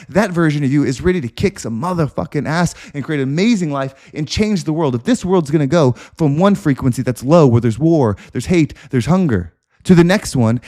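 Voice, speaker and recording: A man's voice: on the high side, dark tone. A man hosting a podcast, delivering an intense, repetitive motivational monologue with preacher-like emphasis. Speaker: podcast host.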